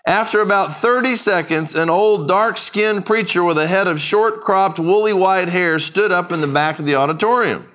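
A man's voice: high voice, normal speed, hardly any pauses, fairly bright tone. A man preaching a sermon in a folksy, conversational, humorous way, telling stories. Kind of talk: storytelling sermon talk.

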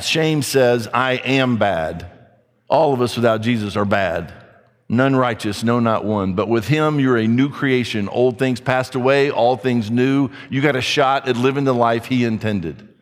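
A man preaching an earnest sermon, slowing down when he reads scripture aloud. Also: medium pitch. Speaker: pastor. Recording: long hall reverb.

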